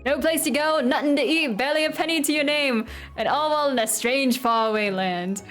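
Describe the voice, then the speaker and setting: A woman voicing a wealthy, boastful gentleman with a shaky put-on Irish accent and a raised voice. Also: a little high, fairly quick, faint music behind, lightly acted.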